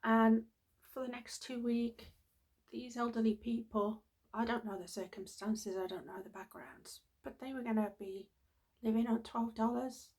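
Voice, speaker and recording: Middle-aged woman rambling through a heartfelt story on her vlog, voice on the high side. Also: fairly even intonation, normal speed, a little mellow. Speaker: vlogger. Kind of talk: casual personal storytelling.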